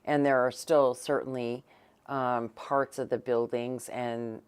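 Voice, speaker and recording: A woman's voice: extremely low pitch, level tone, takes it slowly, a little mellow, smooth. A woman co-hosting a casual local news chat, rambling with many fillers and restarts in a blunt, teasing way. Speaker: co-host.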